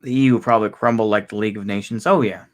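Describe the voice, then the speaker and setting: With a lowish voice and fairly even intonation, a Texan man in his thirties chats casually with his livestream viewers. He rambles and halts, frequently restarting his sentences, and his accent is from Texas.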